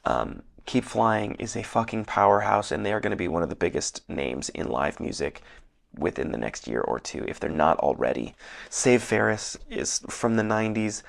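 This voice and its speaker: Young male podcast host, hoarse, low and heavily gravelly, earnest rambler. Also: sing-song, normal speed. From Northern Michigan. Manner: rambling, filler-heavy, earnest. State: losing his voice, slightly hoarse. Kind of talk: casual solo podcast monologue. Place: hotel room.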